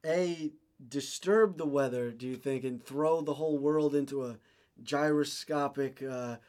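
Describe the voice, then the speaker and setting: Male podcast cohost; halting, filler-heavy delivery, mid pitch. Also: darkish tone. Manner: halting, lots of fillers and laughter. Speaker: podcast co-host. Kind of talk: crude comedic banter.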